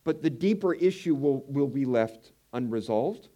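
A man preaching a conversational Bible teaching, animated and telling personal stories. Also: mid-range voice, moderate pace. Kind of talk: sermon.

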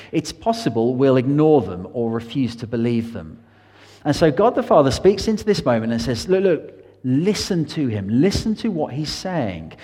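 A man's voice: medium pitch, a little mellow, big-room sound. A man preaching an earnest sermon in a church, his voice rising and falling for emphasis.

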